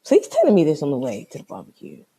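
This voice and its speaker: Podcast host, female: mellow husky tone, animated casual storyteller, swears freely. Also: low voice, racing. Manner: animated, swears freely, acts out both sides of conversations.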